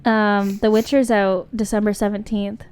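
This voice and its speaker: A young woman co-hosting a podcast, chatting casually and then reading a story aloud at a steady pace. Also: medium pitch, clear, resonant tone, faint music behind. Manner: chatty, laughs easily, reads with slow steady pacing. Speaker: podcast co-host.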